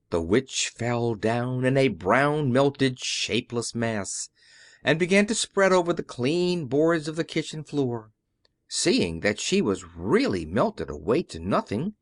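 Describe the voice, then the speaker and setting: A man reading a classic children's story aloud as an audiobook narrator, in a measured storytelling way. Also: mid-range voice, no echo, studio quality. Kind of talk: scripted narration.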